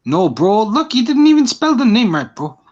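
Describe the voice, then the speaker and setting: A man in his twenties calling into a live stream, loud and swaggering, saying "bro" at every turn. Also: sits high, very animated, normal speed. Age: 20s. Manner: slangy, says "bro" constantly, loud and swaggering. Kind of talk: casual boisterous chat. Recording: dull lo-fi call audio.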